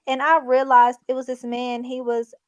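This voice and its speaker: Host, young woman, high pitch, blunt storyteller, close and dry sound. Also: little pitch movement, moderate pace, smooth, dry recording, lo-fi sound. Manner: candid storytelling, swears freely. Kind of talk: casual chat between sisters.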